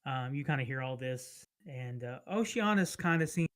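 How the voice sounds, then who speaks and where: A man narrating as game master of a tabletop game, relaxed and rambling, with many fillers. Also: mid-range voice, normal speed.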